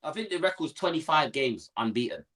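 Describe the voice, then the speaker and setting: A man's voice: a little high, animated, fast, fairly bright tone. A young man co-hosting a football watchalong, talking in casual slangy banter and getting worked up about rival fans.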